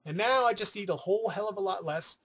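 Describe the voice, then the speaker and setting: A man talks straight to camera in loose, rambling chat, swearing freely and sliding into playful asides. His voice sits high for a man and carries a husky edge. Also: fast, fairly bright tone. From New York City. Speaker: weight-loss vlogger.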